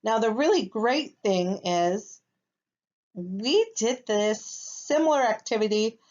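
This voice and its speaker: A woman's voice: a little high, lively intonation, darkish tone. A woman teaching a first grade lesson, speaking patiently and checking in with her young students. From United States. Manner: patient, slow, checks in with "okay?". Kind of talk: recorded classroom lesson. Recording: slightly dull lo-fi recording.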